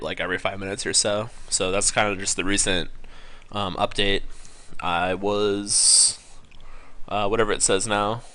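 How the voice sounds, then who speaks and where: A man's voice: on the low side, sharp tone. A young man giving casual live-stream commentary on poker, rambling with many ums and correcting himself as he goes. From California.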